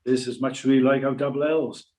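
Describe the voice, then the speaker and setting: A man's voice: medium pitch, fairly even intonation, darkish tone. An older man with a Welsh accent, thinking aloud in a casual chat. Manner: quick, musing.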